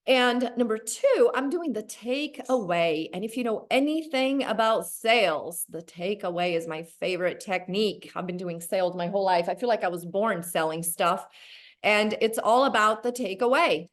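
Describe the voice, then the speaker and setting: A woman giving a motivational sales training on a video call, animated and acting out conversations in a bright higher voice. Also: moderate pace. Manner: animated, acts out dialogue in a bright high voice.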